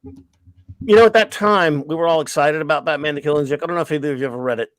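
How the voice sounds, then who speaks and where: Middle-aged man, casual stream host, rambling profane storyteller, slightly high voice, dry close sound. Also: fast, no echo. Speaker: livestream host. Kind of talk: casual chat.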